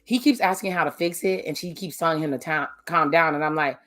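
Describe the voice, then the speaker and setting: A young woman with a lowish voice recaps a reality show at home. She is sassy and animated, full of slang, and she acts out her reactions in mock quotes. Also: brisk. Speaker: TV recap vlogger. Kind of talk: casual TV review.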